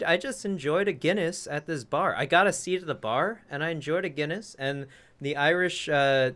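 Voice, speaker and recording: A man's voice: fairly high pitch, bright, forceful tone. A man co-hosting a casual podcast, telling a rambling story that he keeps correcting as he goes. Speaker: podcast co-host. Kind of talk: casual chat.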